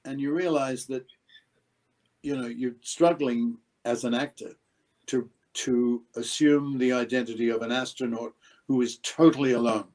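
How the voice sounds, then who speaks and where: Older male actor, lively raconteur who acts out quotes loudly. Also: medium pitch, measured pace, low-quality recording. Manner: animated, acts out quotes with sudden loud outbursts. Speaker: actor guest. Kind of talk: anecdotal interview storytelling.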